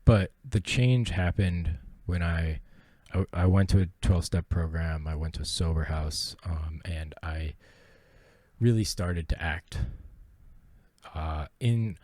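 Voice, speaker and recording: A man's voice: sits low, takes it slowly, a little mellow, no echo. A young man hosting a podcast, telling his personal story in a rambling, profane and earnest way. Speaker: podcast host.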